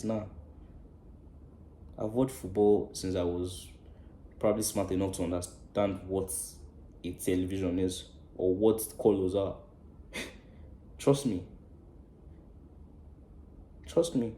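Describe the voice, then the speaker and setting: A man hosting a football fan channel, delivering a passionate, preachy match-reaction rant that swears freely and swings between loud outbursts and hushed asides. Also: sits low, takes it slowly, pauses often, reverberant, a little hiss or hum.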